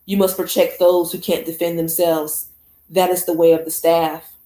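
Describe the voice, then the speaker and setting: A woman's voice: on the low side, flat delivery, moderate pace, dark tone, natural voice. A woman voicing a stern older female teacher of staff fighting, giving firm, commanding instruction. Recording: echoey room.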